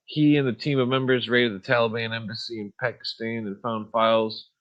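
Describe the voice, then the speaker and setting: A man's voice: medium pitch, flat delivery, brisk, fairly bright tone, dull audio. A man hosting a podcast in a laid-back, rambling way, chuckling and trailing off with fillers, then reading aloud from a book. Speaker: podcast host.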